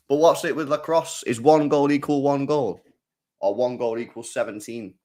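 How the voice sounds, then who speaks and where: A man's voice: medium pitch, measured pace, long pauses, a little mellow. A man chatting casually as a football watchalong streamer, rambling and repeating his phrases for emphasis. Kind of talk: casual live-stream chat.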